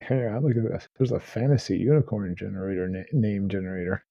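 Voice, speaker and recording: Husky middle-aged man on a muffled mic. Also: lowish voice, fast, warm tone, dry recording. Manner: casual and joking. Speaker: player. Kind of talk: casual tabletop game chat.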